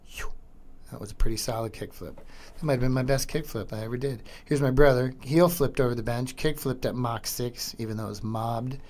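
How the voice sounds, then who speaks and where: A middle-aged man hosting a podcast, commenting casually and excitedly over old skateboarding footage, slangy and swearing. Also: mid-range voice, brisk. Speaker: podcast host.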